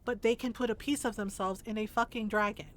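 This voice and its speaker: A woman's voice: mid-range voice, fairly even intonation, brisk, slight background noise. A woman streamer in casual commentary, ranting emphatically and swearing a lot. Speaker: game streamer.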